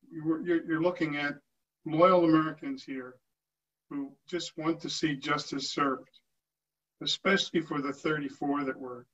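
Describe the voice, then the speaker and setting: A man's voice: fairly high pitch, a bit bright. An older man speaking earnestly at a town hall meeting, often restarting his sentences. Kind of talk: informal address to a meeting. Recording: distant muffled lo-fi recording.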